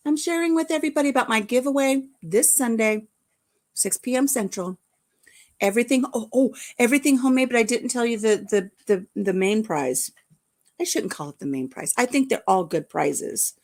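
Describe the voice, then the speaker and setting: A woman's voice: fairly high pitch, animated, normal speed, a little mellow. A woman hosting a casual livestream, chatting in a rambling way and greeting viewers by name. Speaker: vlog host.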